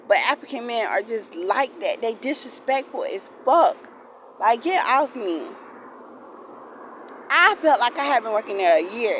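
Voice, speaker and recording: A woman's voice: a little high, a bit bright, a little hiss or hum, low-quality recording. A young woman, ranting heatedly in a storytime vlog, swearing often and repeating herself. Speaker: vlogger. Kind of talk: angry storytime rant.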